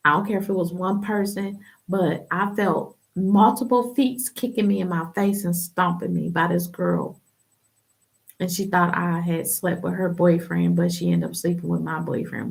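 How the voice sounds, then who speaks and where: Gravelly-voiced woman giving candid testimony. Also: mid-range voice. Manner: animated, acts out quoted voices; emphatic and candid. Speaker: podcast host. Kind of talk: personal testimony, casual talk.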